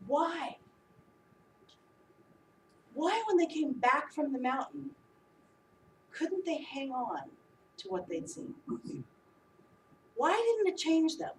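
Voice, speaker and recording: High, lively woman preaching in an echoey room. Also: slow pace, long pauses, far from the mic, noisy background. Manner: animated, acts out the disciples with humor. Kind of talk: sermon.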